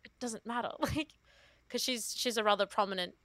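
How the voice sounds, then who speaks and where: A woman's voice: fairly high pitch, normal speed, fairly bright tone, dry recording. A young Australian woman with an Australian accent, chatting casually as a guest, rambling and self-deprecating with frequent laughs. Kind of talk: casual chat.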